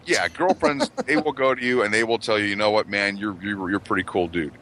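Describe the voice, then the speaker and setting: A podcast co-host chats casually about his marriage, rambling, swearing, and packing in "you know" fillers, and he mimics quoted people with a high squeal. His voice is sharp and a little fast, with a bit of hiss or hum.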